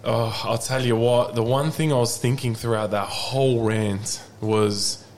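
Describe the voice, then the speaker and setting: A man's voice: mid-range voice, fairly even intonation, unhurried, a little mellow, slight background noise. A man co-hosting a football podcast, giving firm opinions in casual chat. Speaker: podcast co-host.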